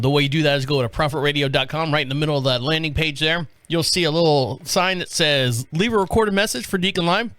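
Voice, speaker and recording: A podcast host with a higher, fairly bright voice delivers a casual talk-show monologue, chatting and rambling as he reads stories and regularly fumbling names. He's in a small studio on a stand mic, with a dry recording.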